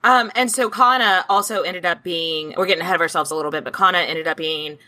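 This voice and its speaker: A woman co-hosting a casual history podcast, chatty, with quick asides and casual swearing. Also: fairly low pitch, pushed and bright. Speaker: podcast co-host.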